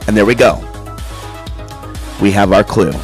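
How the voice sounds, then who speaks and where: A man from Portland delivering an impassioned sermon monologue, theatrical and swinging from murmurs to shouts. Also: lowish voice, unhurried, faint music behind. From Portland, Oregon. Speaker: self-styled preacher.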